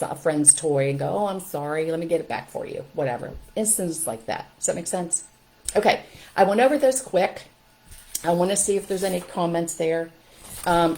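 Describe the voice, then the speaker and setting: A woman's voice: fairly low pitch, poor audio. A woman in her sixties, a longtime early-childhood educator, giving parenting advice in a live-streamed talk and acting out the people in her stories. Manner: animated storytelling, acting out quotes with a raised, lively voice.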